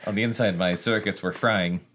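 A man co-hosting a podcast, reading a novel aloud in a dry, even way. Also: lowish voice, brisk, a little hiss or hum. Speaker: podcast co-host. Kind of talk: casual book-reading podcast chat.

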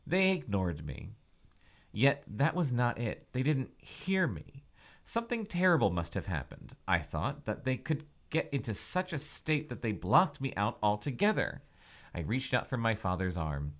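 A man with a mid-range voice reads a book aloud as a podcast co-host, very animated yet unhurried. He hams it up with mock-dramatic, over-the-top emotion, teasing asides, and laughing interjections.

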